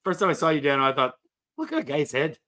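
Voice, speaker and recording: Lively joking man. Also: a little high, fast talker. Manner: loose, joking, swears a lot. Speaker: co-host. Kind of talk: casual banter on a live stream.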